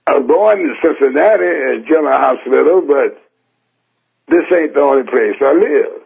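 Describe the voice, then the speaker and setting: Gravelly older preacher over a tinny line. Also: male voice, a little high, animated, normal speed. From San Francisco. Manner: folksy, emphatic preaching with plain-spoken repetition. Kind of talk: sermon. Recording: tinny phone-like radio broadcast.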